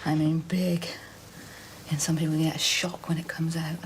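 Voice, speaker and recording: A woman's voice: low-pitched, level tone, normal speed, slight background noise, close to an everyday voice. An actress playing a vain, secretive widow with a rich lover, frank and earthy in her confidences. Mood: confiding.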